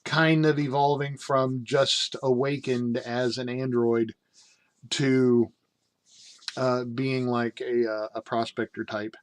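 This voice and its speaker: Middle-aged American man, casual reviewer, rambly and self-amused, dry close sound, average pitch. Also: flat delivery, takes it slowly, clear, resonant tone, dry recording. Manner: rambling, with frequent fillers and self-amused asides. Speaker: game reviewer.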